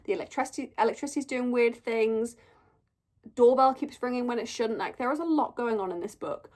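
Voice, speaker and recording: A woman's voice: fairly high pitch, fairly quick, a little mellow. A young woman chatting casually through a monthly reading wrap-up, gushing and storytelling with lots of "like". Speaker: book reviewer.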